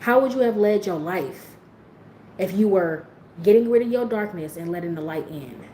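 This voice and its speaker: A woman's voice: medium pitch, animated, normal speed, dark tone, slight background noise. Frank woman talking in an echoey room. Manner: frank and profane, speaks straight to her viewers. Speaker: livestream host. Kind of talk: candid motivational livestream talk.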